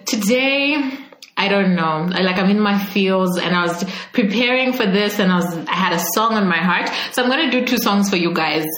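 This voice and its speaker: A woman's voice: mid-range voice, moderate pace, a bit bright, echoey room, soft background music. A woman hosting a podcast, chatting casually, laughing often and sometimes breaking into song. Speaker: podcast host. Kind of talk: casual podcast intro and Instagram Live chat.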